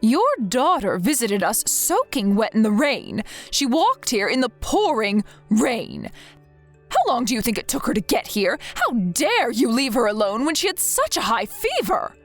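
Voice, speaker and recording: A woman voices a firm, scolding older grandmother, her pitch set a touch high and swinging lively across each line. Soft music plays under the reading of this text-message story. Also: a little slow. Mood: angry. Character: worried stern grandmother texting.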